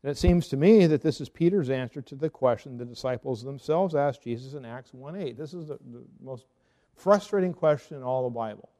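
A Reformed pastor delivers a theology talk, arguing earnestly and firing off rhetorical questions. His mid-range voice is mellow and warm and his pace brisk, with words trailing off into a hall's long reverb.

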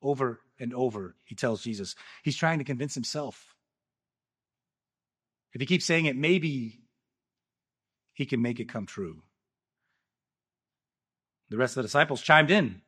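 A man preaching a sermon, emphatic, rising loud and then dropping quiet. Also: mid-range voice, lively intonation, unhurried, pauses often. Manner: emphatic preaching, swinging between loud rises and quiet drops. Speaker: pastor.

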